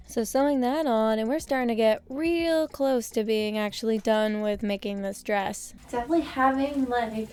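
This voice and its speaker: A young woman narrating a sewing vlog in a casual voice-over, with deadpan, self-mocking jokes. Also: on the high side. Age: young adult. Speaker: sewing vlogger.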